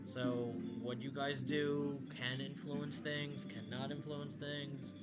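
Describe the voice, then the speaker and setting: A man running a tabletop game as game master, speaking hesitantly with many ums and pauses. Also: medium pitch, level tone. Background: music.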